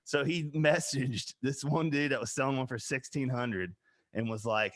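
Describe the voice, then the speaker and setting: Midwestern male podcast co-host, bright forceful tone, loud laughing storyteller, swears freely. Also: mid-range voice, steady tone, normal speed. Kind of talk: casual chat.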